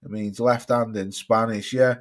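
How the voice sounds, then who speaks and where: A man from Cheshire, England, with a mixed Cheshire and Staffordshire accent hosts a boxing livestream, reading viewer comments in casual chat. He rambles and swears often, his voice fairly low, fairly even in intonation and moderate in pace.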